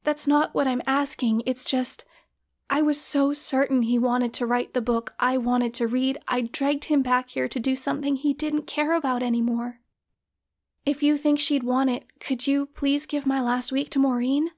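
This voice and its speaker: A woman's voice: high-pitched, fairly even intonation, moderate pace. A woman voicing a grieving young woman, a devoted book fan, speaking earnestly and emotionally.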